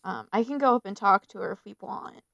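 A woman's voice: mid-range voice, a little fast, vocal fry, fairly bright tone, dry recording. Woman player, hesitant and giggly, dry close mic. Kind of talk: casual tabletop game chat.

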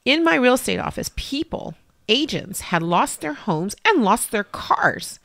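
A woman's voice: fairly high pitch, sing-song, measured pace, fairly bright tone, no room sound. A middle-aged woman telling a personal faith story as an interview guest, acting out past conversations with strong emotion.

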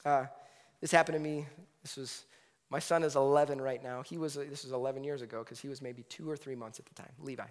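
A man in his thirties preaching a sermon, telling a story in a lively, conversational way with lots of asides. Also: mid-range voice, fast. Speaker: pastor. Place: church hall. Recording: reverberant hall with faint music.

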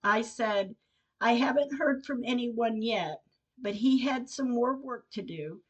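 Slow, heartfelt older woman reading her diary. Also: fairly high pitch, husky. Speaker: podcast host. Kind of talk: reading personal diary entries aloud. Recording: dull lo-fi recording.

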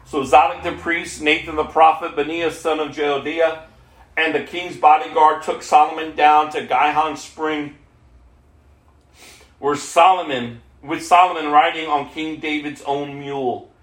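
A man reads scripture aloud in a plain, unpolished voice that sits fairly high for a man. He corrects himself here and there, and the room gives his voice a strong echo. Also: fairly even intonation, unhurried, fairly bright tone. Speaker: reader. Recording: echoey room.

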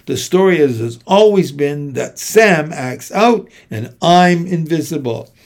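A man giving a measured, steady first-person audiobook narration. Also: fairly high pitch.

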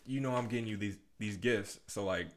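A man in his twenties co-hosting a podcast, relaxed and agreeable, often backing up his co-host with short replies. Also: lowish voice, a little fast. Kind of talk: casual podcast chat.

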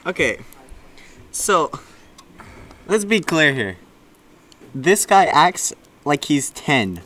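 A young man co-hosting a casual chat, teasing his friend in a deadpan way. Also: on the high side, very slow, a little hiss or hum. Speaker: co-host.

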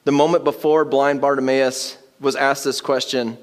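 A man's voice: medium pitch, normal speed. Conversational male preacher. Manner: conversational, builds to loud excited emphasis with laughter. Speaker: pastor. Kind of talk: sermon.

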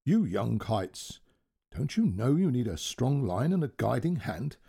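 A fussy old box kite, put on by a man, complaining about the weather and lecturing the young ones. The voice is mellow and a little husky, with an expressive rise and fall. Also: medium pitch, unhurried, exaggerated voice.

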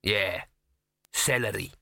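A man voicing a nervous, squeaky male dwarf cook who hurries to agree. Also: vocal fry, sharp tone, dry recording, clean studio sound, exaggerated voice. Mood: defensive. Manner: squeaky, fawning, quick to agree.

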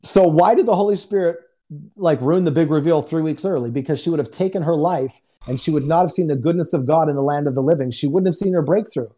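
A man, a guest minister on a video call, telling a testimony in a lively, joking way and acting out the quotes. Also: fairly high pitch, fast talker. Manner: animated, joking, acts out quotes. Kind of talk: casual storytelling testimony. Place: home in Houston. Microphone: remote video call.

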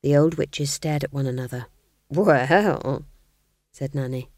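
A woman reading a comic fantasy novel aloud in a wry, expressive storytelling manner. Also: rumbling low, a little fast, no room sound, clean studio sound. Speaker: audiobook reader. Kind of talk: scripted narration.

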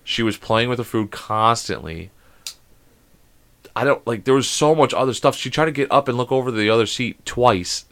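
A man's voice: mid-range voice, normal speed. A man co-hosting a podcast in casual chat, telling a rambling story and acting out the dialogue. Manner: animated storyteller who acts out the dialogue; rambling, with many restarts. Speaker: podcast co-host.

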